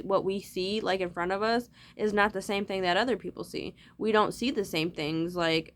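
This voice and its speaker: A woman talking straight to her viewers in a loose, rambling monologue, swearing freely as she goes. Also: on the low side. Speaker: vlogger.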